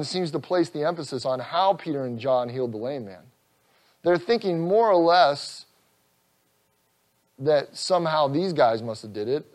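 A man preaching an expository sermon, earnest, rising loud on scripture and dropping soft, with an occasional chuckle. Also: on the high side. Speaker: pastor.

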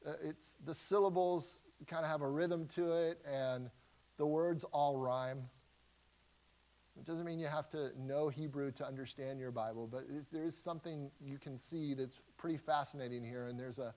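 A man delivering an expository sermon as a pastor, teaching verse by verse in a conversational, animated way with frequent restarts. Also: a little high, normal speed.

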